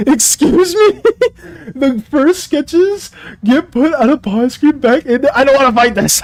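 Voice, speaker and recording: A streamer giving excitable live gameplay commentary, swearing and laughing often. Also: sits high, unhurried.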